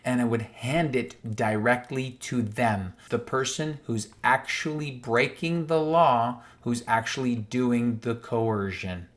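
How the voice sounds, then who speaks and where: A man's voice: mid-range voice, fairly even intonation, takes it slowly, hardly any pauses. A man from Canada reading a legal document aloud on screen and explaining it emphatically, repeating the key points. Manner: emphatic and repetitive, stressing key words; reads passages aloud, then restates them plainly. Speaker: online commentator.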